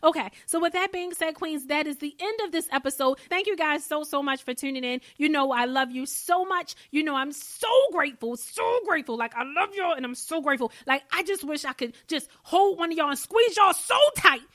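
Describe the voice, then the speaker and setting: High-voiced woman hosting a pep-talk podcast. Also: brisk, hardly any pauses, a bit bright, dry recording, clean studio sound. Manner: casual, affectionate, slangy, addresses listeners as queens. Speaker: podcast host. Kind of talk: motivational solo podcast talk.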